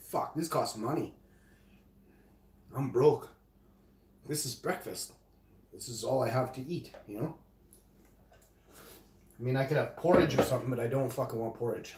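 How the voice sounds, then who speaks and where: A man live streaming from his home kitchen, swearing heavily in an indignant casual rant. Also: medium pitch. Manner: profane, ranting, indignant. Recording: roomy echoey room sound.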